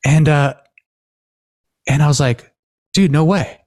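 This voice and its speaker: A man's voice: fairly high pitch, slow pace. A man from Washington State hosting a podcast in casual chat, telling stories with acted-out dialogue and lots of fillers. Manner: animated storyteller, acts out quoted dialogue, many fillers. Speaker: podcast host.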